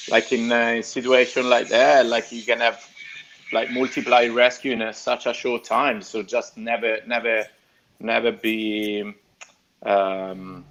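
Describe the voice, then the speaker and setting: An Italian-accented man talks slowly and haltingly, restarting phrases as he hunts for words. He is a lifeguard chatting casually. His voice comes through a dull, lo-fi video call line. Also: fairly low pitch, fairly bright tone. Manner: halting, repeats words while searching for them. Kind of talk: casual chat on a live stream.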